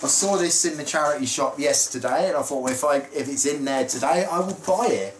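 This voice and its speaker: Excitable man chatting on a vlog. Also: a little high, a little fast, echoey room, slight background noise, poor audio. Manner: excitable, chatty, squeals with delight. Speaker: YouTube vlogger. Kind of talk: casual chat.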